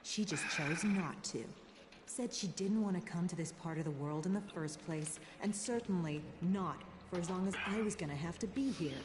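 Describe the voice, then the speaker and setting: A woman's voice: on the low side, moderate pace, reverberant, noisy background, close to an everyday voice. An actress playing a bitter, wry female media coordinator stuck in a disaster zone.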